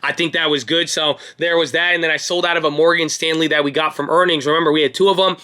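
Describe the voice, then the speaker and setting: Young man, trading channel host, slightly high voice, very bright, energetic, casual watch-list talk. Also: fast. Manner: energetic, hyped-up motivational sign-off; talks with his hands.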